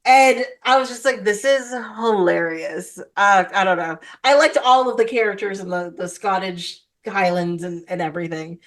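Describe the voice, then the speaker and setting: A woman's voice: mid-range voice, fairly even intonation, normal speed, hardly any pauses, fairly bright tone. A woman hosting a casual podcast, chatty and enthusiastic, with plenty of fillers. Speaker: podcast host. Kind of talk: casual chat.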